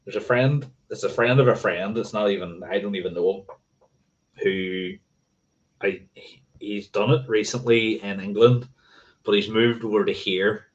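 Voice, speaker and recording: Low-voiced man rambling on a livestream. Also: moderate pace, muffled recording. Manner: meandering, self-correcting, swears casually. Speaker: motorcycling livestream host. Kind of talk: casual rambling livestream chat.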